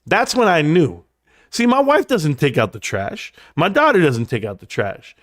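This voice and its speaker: An animated man tells a casual story on his stream at a moderate pace, rambling along and jumping high in pitch when acting out quotes before dropping to quiet asides. The sound is clean studio quality with no echo.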